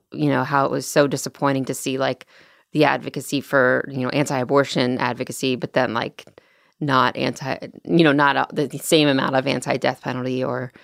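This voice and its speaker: A podcast guest, a woman with a low, gravelly voice, chatting casually. She tells stories with animation and acts out the voices of people she quotes. The sound is dry and close. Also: no echo. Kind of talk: casual chat.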